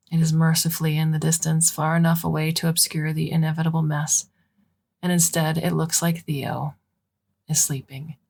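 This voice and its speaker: A woman with a low-pitched voice narrates a short story for a podcast. Her reading is unhurried and deliberate, and she lets her phrases fall away into soft, hushed endings.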